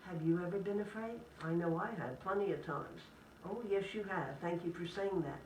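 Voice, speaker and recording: A woman, a Catholic sister, giving an inspirational talk to a live audience in gentle, measured phrases. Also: fairly low pitch, slight background noise. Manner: gentle, measured delivery in short list-like phrases. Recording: echoey room, speaker distant from the mic.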